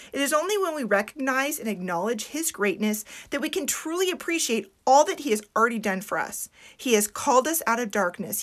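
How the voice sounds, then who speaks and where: A woman's voice: on the high side, fairly bright tone. Earnest woman giving a devotional talk. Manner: earnest, reflective, slows for emphasis. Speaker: Christian homeschooling speaker.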